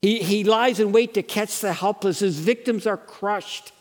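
A fairly high-voiced man delivers an unhurried sermon at a Bible college, earnest and lecturing. As he rises to passionate pleading, the hall's long reverb carries his words on.

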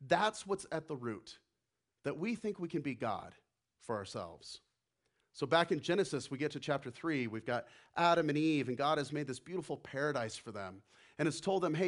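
A high-voiced pastor preaches with animation, acting out the voices of those he quotes. For emphasis he drops down to a hush.

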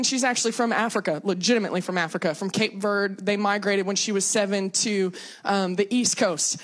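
A woman's voice: mid-range voice, a little fast. A young woman from Texas with a Southern accent, a guest preacher giving a chatty, self-deprecating sermon full of conversational asides. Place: church sanctuary.

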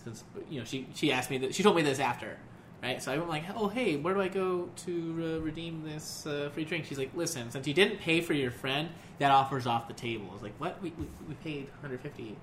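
A man's voice: a little high, brisk, a little hiss or hum. A young man casually telling a long story, swearing and laughing a lot. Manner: profane, laughs often, animated.

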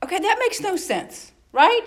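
A woman's voice: very high-pitched, very animated, a little slow, low-quality recording. A woman leading a Bible study class in a conversational way, spelling words out and restarting her sentences. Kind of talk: casual teaching talk.

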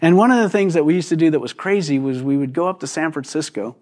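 A man's voice: on the high side, fast, a little mellow. Conversational male pastor preaching. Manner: conversational, asks the congregation questions. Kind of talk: sermon.

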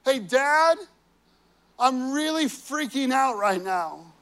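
A man's voice: very high voice, animated, slow pace, fairly bright tone, clear, resonant tone, voice pushed up, heavily acted. A man voicing Jesus as a frightened son pleading with his father, urgent and repeating his calls. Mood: pleading, scared.

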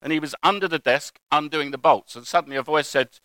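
A man's voice: a little high, fast, a bit bright, dry recording, low-quality recording. A man preaching a sermon in a conversational way, mixing scripture with anecdotes.

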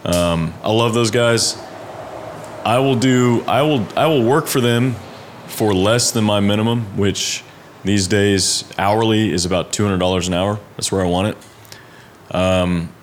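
A man's voice: fairly low pitch, a little slow, a little hiss or hum. A young man, a freelance designer, talking casually in a conversation, rambling and laid-back with lots of fillers and side trails.

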